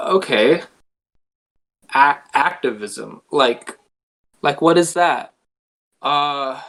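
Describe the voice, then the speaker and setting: Man, deadpan comedy rambling, slow, hesitant, lots of restarts, middle pitch. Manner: halting, full of filler words and restarts. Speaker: comedy video creator.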